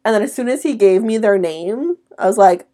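A woman's voice: mid-range voice, lively intonation, fairly quick, warm tone. A young woman co-hosting a podcast, talking bluntly and swearing freely in casual chat. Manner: blunt, profane, laughs often. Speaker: podcast co-host.

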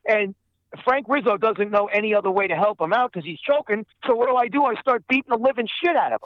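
A man with a high voice tells a profane story, looping back over his own phrases and cursing as he goes. The sound is dry and a bit dull, as if it were slightly muffled. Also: animated, fast, no echo. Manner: rambling, repeats himself, lots of swearing. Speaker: guest voice actor. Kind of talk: profane anecdote telling.

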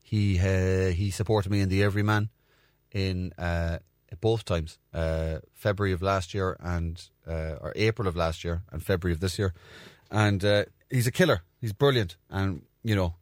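Irish comic host, young guy, low voice, dry close sound, rambling and crude. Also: moderate pace, no echo. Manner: rambling, crude, swears freely, acts out voices in a high pitch. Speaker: comedian podcast host. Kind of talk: casual storytelling monologue.

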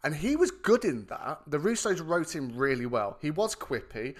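A man's voice: fairly high pitch, big pitch swings, normal speed. A man co-hosting a podcast, chatting about films animatedly and swearing freely. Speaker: podcast co-host. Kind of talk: casual film chat.

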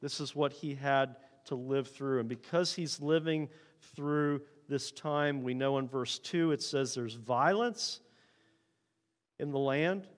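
Male pastor, mid pitch, sermon delivery in a reverberant church hall. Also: slow pace. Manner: reads scripture aloud, then speaks the prophet's and God's words in a hushed voice.

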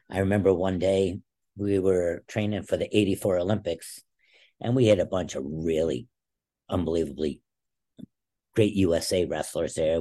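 Brief: low-voiced man in his sixties, guest storyteller, emphatic and rambling, full of restarts. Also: warm tone. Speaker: interview guest, former Olympic wrestler. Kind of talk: storytelling in a casual interview.

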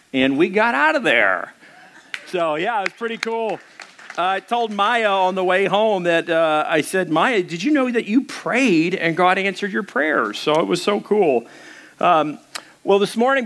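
A man's voice: a little high, a bit bright. A man who is a pastor, telling stories in a casual, rambling sermon with many fillers. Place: church.

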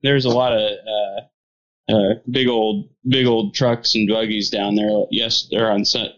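A man's voice: lowish voice, little pitch movement, unhurried, fairly bright tone, muffled recording. A man co-hosting a casual podcast, laid-back and jokey, often chuckling. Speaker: co-host.

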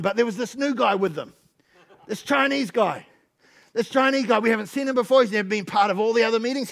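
A man's voice: high voice, creaky, a bit bright. A man, preaching and telling a story with energy, often repeating words as he builds up. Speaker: pastor. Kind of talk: sermon storytelling.

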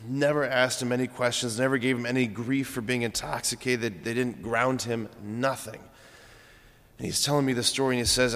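Young priest preaching in a reverberant church. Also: male voice, medium pitch, steady tone, moderate pace, a bit bright. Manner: conversational storytelling with frequent fillers. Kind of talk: homily. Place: large church.

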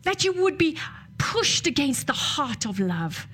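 A woman preaching a sermon, telling a story and dropping to soft near-whispers at tender moments. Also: high voice, sing-song, a little slow.

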